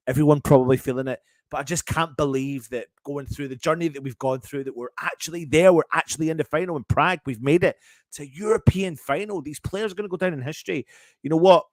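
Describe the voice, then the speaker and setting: Casting note: excitable male fan host, mid-pitch, tripping over words, dry close sound. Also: no echo. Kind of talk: casual live fan chat.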